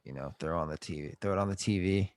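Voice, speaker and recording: A young man with a low voice chatting casually on a podcast, cursing freely and joking around. His voice sounds dry and close, with no room echo at all. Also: quick pace. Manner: loose and profane, joking. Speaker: podcast co-host. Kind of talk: casual chat.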